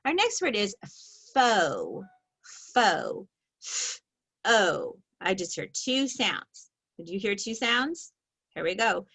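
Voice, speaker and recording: A woman teaching a reading lesson, slowly stretching out the sounds of each word in a patient, clear way. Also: medium pitch, a bit bright. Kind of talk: slow, patient phonics lesson.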